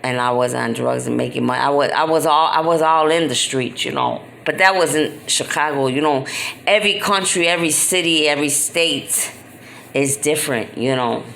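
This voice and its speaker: A woman vlogger delivers a heated monologue straight to camera. Her voice is bright and sharp, and a faint noise sits under it. She speaks bluntly, uses street slang, repeats herself for emphasis and keeps saying "you know". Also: low voice, moderate pace, creaky. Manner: emphatic and repetitive, many "you know" fillers. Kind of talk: impassioned direct-to-camera monologue.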